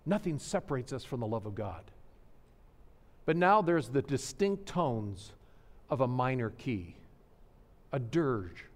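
Dramatic preacher man in a big hall. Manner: dramatic, swings from hushed lows to soaring proclamation. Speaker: pastor. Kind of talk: sermon.

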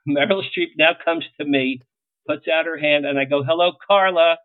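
A middle-aged man, a publicist, telling lively anecdotes in an interview and acting out the lines he quotes. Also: on the high side, normal speed, no room sound. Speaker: publicist guest. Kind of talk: storytelling interview. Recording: tinny phone-like line, dry.

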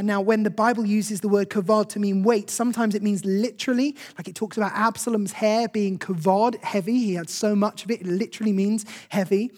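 Breathy preacher giving a sermon. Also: mid-range voice, darkish tone. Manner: earnest, conversational, with short repeated phrases.

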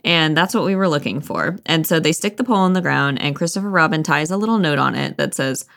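A woman's voice: low-pitched, expressive, fast, creaky, fairly bright tone. A young woman co-hosting a podcast, joking playfully and retelling a story. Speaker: podcast host. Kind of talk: casual chat.

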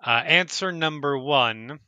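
Man, dungeon master, slow measured talk, bright tense voice, dry close sound. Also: fairly high pitch, clean tone, no room sound. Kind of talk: narrating a tabletop game.

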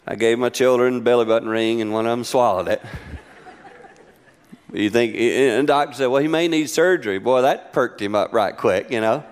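A middle-aged man preaching a sermon, telling family stories with lively acted-out voices. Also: clear, resonant tone. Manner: animated storytelling, acting out voices with high-pitched exclamations. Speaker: pastor.

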